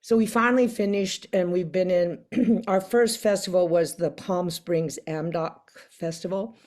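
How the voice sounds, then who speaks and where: Speaking fairly low and unhurried, an older woman tells a story as an interview guest in a casual conversation. She's animated, performs the voices of the people she quotes, and laughs frequently.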